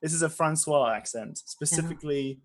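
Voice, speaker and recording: A man's voice: a little high, a little fast. Playful man as game master. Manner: playful, laughs often. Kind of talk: narrating a tabletop game.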